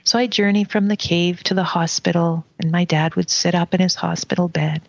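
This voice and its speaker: A woman telling a personal spiritual story in a soft, unhurried way during a conversation. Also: lowish voice, fairly even intonation, creaky, no echo, dull audio.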